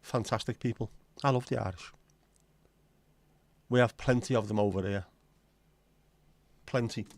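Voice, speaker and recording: A man's voice: on the low side, fairly even intonation, a little slow, pauses often, dry recording. A man with a Scouse accent, hosting a livestream in casual, blunt, sweary banter with his viewers. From Liverpool, England. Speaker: livestream host.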